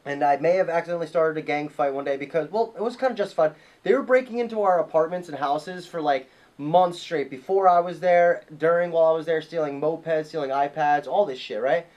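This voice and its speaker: A podcast host tells a casual story in a high-pitched male voice that sits well above a typical man's range. He's excitable and profane, heaping on more detail as the tale builds. His delivery runs a little fast, and the recording has a lo-fi quality.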